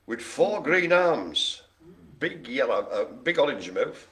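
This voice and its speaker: A man's voice: mid-range voice, very animated, normal speed, a bit bright. A man hosting a live bingo game, chatty and jokey, full of playful asides. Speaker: bingo host. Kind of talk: live-streamed bingo calling.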